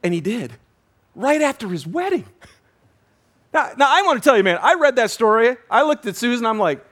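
A man preaching a sermon as pastor, telling a story with animated energy, often restarting and repeating words. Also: very high-pitched, moderate pace.

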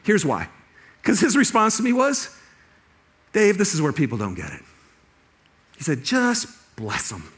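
Animated high-voiced male pastor preaching. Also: normal speed, long pauses. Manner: animated storytelling, restarts, laughs. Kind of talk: sermon.

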